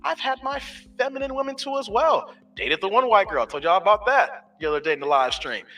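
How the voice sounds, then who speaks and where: A man's voice: sits high, expressive, a little fast, pushed and bright. A man in his forties hosting a casual live stream, telling loose stories full of street slang and swearing. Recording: distant mic with faint music.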